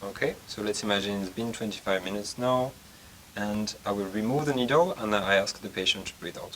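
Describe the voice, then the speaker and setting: A male acupuncture lecturer whose first language is French explains technique in a calm, methodical clinical teaching demonstration, occasionally pausing to find his words. His voice is a little low, with a faint hum of room ambience beneath it, and the recording is low quality.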